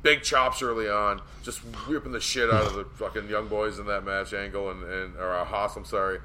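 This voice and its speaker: A man co-hosting a casual wrestling podcast, talking excitably, rambling and swearing. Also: lowish voice, brisk, slight background noise. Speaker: podcast co-host.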